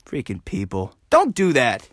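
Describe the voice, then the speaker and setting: Animated fast-talking young man. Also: medium pitch, no echo, studio quality. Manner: fast, self-mocking, jumping into silly voices. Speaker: podcast host. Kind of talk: rambling solo podcast chat.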